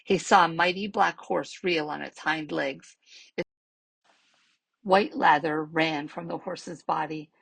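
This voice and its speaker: Woman reading a children's novel aloud, husky, gravelly, low voice, dry close sound. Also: steady tone, takes it slowly, fairly bright tone, no echo, low-quality recording. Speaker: library storyteller.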